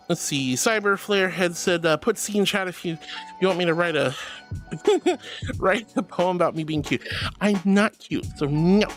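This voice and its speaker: A woman streamer chatting casually and reading out chat messages, bubbly and quick to laugh. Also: lowish voice.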